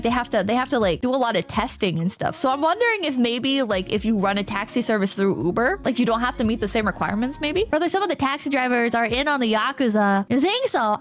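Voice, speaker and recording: Female streamer, slightly high voice, giggly and rambling, casual chat to viewers. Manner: giggly, rambling, heavy use of "like"; animated retelling with quoted voices.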